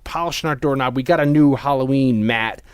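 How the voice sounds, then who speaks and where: A man's voice: medium pitch, brisk, clean tone, no echo. Rambling young man, dry sound. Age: young adult. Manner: rambling storyteller with many restarts. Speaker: podcast host. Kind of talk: casual chat.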